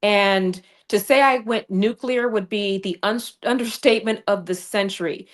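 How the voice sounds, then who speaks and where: A congressional candidate, speaking as a livestream guest, tells her story in a fiery, combative way. Her voice sits at medium pitch and moves at a moderate pace. She's in a home studio on a streaming video call, using a remote streaming mic.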